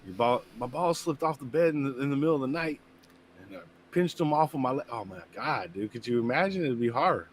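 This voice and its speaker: A man with a mid-range voice whose pitch swings widely as he reacts during casual podcast chat. He laughs and exclaims often and speaks loosely. A faint hiss of noise sits under the recording. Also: lively intonation, brisk. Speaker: podcast guest.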